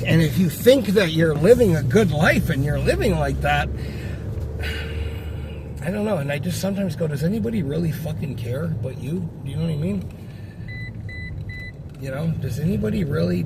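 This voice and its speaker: A man's voice: high-pitched, creaky, noisy background. A man ranting casually to camera, frustrated and swearing, rambling with many restarts.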